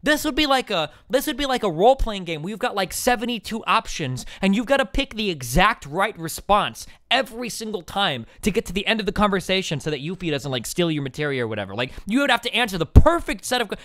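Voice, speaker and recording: Young man, streamer, heated ranting argument, exasperated and sarcastic, lively swooping delivery, slightly high voice, dry close mic. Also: quick pace, hardly any pauses, no room sound. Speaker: streamer host.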